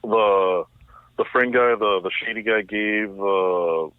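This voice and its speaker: Male podcast co-host, low-ish voice, fast and halting, tinny phone-like sound. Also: clean tone, no echo. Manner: insistent, halting, restarts a lot. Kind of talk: casual chat.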